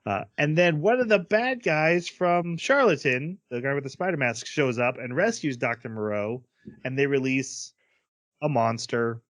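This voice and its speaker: A man's voice: mid-range voice, expressive, fairly bright tone, dry recording. A man co-hosting a casual podcast, rambling through an anime episode recap and briefly acting out the characters' lines. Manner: rambling recap with quick acted-out character quotes. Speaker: podcast co-host.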